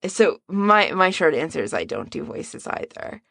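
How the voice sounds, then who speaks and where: A woman's voice: low-pitched, big pitch swings, moderate pace, gravelly, fairly bright tone, no room sound, studio quality. A woman hosting a podcast, chatting casually about fan audio recordings and laughing often. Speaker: podcast host.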